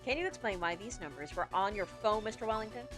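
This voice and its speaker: A woman's voice: medium pitch, lively intonation, fast, lightly acted. A woman voicing an earnest young male defense lawyer in a video game, steadily explaining, with game music behind.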